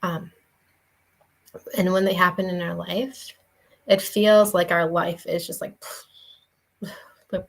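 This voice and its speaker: Young mom talking about faith, kinda gravelly and fry-ish, lots of likes and ums, earnest. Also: female voice, fairly low pitch, fairly even intonation, slow, long pauses, poor audio. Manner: conversational, many fillers and restarts; earnest, shares personal story. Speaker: faith vlogger and parent. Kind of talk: casual devotional talk.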